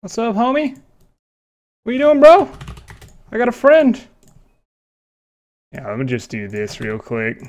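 A young man giving live commentary on his own gameplay, excitable, laughing often and swearing. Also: very high voice, a little slow, pauses often. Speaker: gaming YouTuber.

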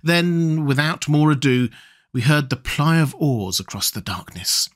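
A man reading a horror short story aloud in a measured, steady storytelling voice. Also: fairly high pitch. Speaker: audiobook narrator. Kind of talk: scripted narration of a horror story.

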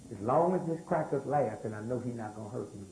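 A man's voice: mid-range voice, expressive, quick pace, dark tone, a little hiss or hum, poor audio. An older man, lecturing a live audience, throwing rhetorical questions and asking for responses. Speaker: speaker.

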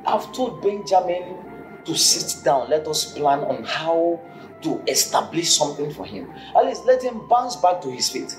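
A man's voice: fairly high pitch, measured pace. An actor playing a blunt, scolding male friend in a film drama, speaking with a Nigerian accent and slipping into pidgin. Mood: gossiping. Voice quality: lively, exclaiming, mixes in pidgin. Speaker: Benjamin's friend. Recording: echoey room, faint music.

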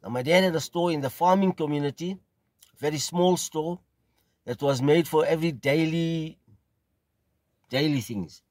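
A middle-aged man from South Africa with a South African accent, telling a casual, rambling story at an unhurried pace and often repeating phrases. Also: on the high side, a little mellow, no room sound. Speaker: pipe smoking video host.

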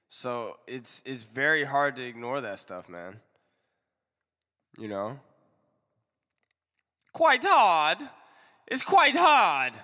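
A man's voice: medium pitch, bright, forceful tone, clear, resonant tone, big-room sound. A young American man hosting a live music review stream, giving blunt, slangy, laid-back feedback. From United States. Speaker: music review show host. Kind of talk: casual live-stream commentary.

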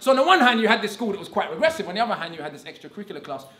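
A man giving an animated, conversational public talk at a conference, often checking in with the audience with "right?". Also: sits high, rapid-fire. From England. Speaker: conference speaker. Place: conference hall. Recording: echoey hall.

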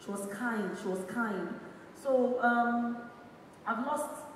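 A woman in her thirties with a Nigerian accent gives a halting, rambling tribute to her late sister at a memorial event, full of fillers and restarts. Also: a little high, slight background noise. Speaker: bereaved sister giving a tribute. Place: large echoey event hall. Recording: echoey hall recorded from far off.

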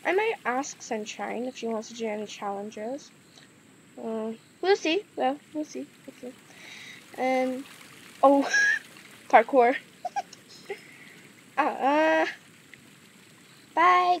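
A woman's voice: high voice, slow, long pauses, slight background noise, poor audio. A woman chatting casually in a vlog, giggling often and easily amused. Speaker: gaming and eating vlogger.

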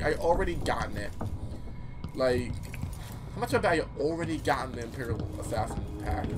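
Hyper teen dude playing a game, swears a lot, jumpy high voice, music under it. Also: male voice. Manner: rambling, excitable, swears a lot. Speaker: gameplay commentator. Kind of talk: casual let's-play commentary.

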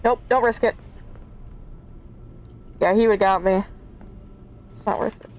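A woman's voice: medium pitch, fairly even intonation, a little slow, a little mellow, rough recording. A woman streaming a horror game, chatting to viewers and easily scared as she plays. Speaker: gaming YouTuber. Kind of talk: let's play commentary.

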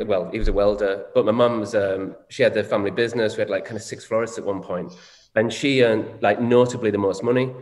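A man, co-hosting a candid conversation, reflective and swearing casually. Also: mid-range voice. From Northern England. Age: 40s. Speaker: co-host. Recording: echoey room with long reverb.

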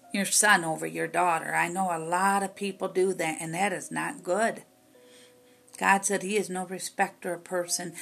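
A woman's voice: medium pitch, vocal fry, fairly bright tone. A woman minister preaching to her viewers, exhorting them with repeated commands and rising to emphatic peaks. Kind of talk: preaching to camera.

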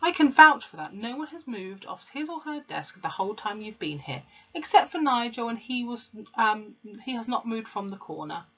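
A woman voicing a gentle young teacher who speaks firmly and steadily. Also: a little high, sing-song, moderate pace, husky, voice pushed up, full character voice. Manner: firm, unflinching, kind. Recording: dull lo-fi recording.

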